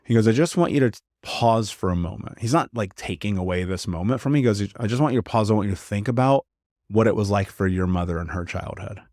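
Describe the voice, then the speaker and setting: A man's voice: lowish voice, fast talker, a little mellow, no echo, studio quality. A man in his thirties, a podcast guest, telling a hard personal story in an earnest, emphatic way, often saying "like". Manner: earnest, emphatic, frequent "like" fillers.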